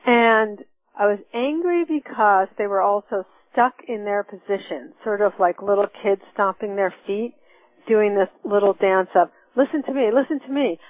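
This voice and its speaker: A woman's voice: medium pitch, a little slow, no room sound. A middle-aged woman teaching a class on forgiveness, earnest and reflective, walking through steps with personal examples. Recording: tinny phone-line sound, dry.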